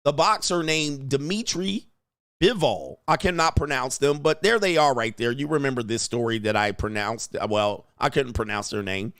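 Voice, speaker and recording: A man hosting a reaction show, mocking what he watches in a loud, slangy way. His voice sits at an ordinary pitch. The recording is dry and close. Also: moderate pace, no echo. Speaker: commentary host. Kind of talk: casual reaction commentary.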